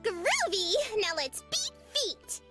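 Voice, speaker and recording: Man voicing a peppy young woman spirit, shrill and sing-song, old-fashioned slang, visual novel. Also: wildly swooping pitch, slow pace, over music, full character voice. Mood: chipper. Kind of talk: visual novel read-aloud.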